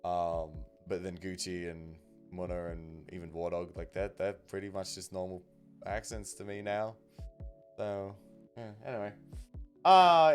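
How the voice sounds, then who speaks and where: Chatty Australian man, low voice. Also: unhurried, soft background music. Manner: chatty, reads out viewer comments, lively swings in loudness. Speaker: stream host. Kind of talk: casual chat on a live stream.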